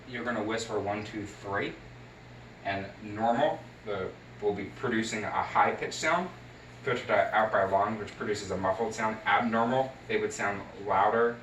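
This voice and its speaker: Guy talking thru a patient exam, lots of ums, kinda low voice, roomy room and faint hiss. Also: fairly bright tone. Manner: talks through each step, with many fillers and restarts. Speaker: nursing student. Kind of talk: narrated clinical skills demonstration. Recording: roomy sound from a distant mic.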